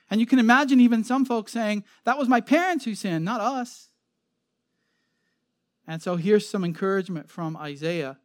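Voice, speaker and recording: A man's voice: sits high, no room sound, studio quality. A man giving an expository sermon, reading scripture aloud and explaining it in an earnest, emphatic way. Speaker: preacher. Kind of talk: sermon, expository Bible teaching.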